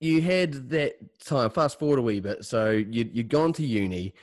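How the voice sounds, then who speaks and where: A man's voice: medium pitch, animated, normal speed, dry recording, clean studio sound. A Scottish man hosting a podcast, asking the guest loose, sweary questions. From Scotland. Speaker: podcast host. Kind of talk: casual podcast chat.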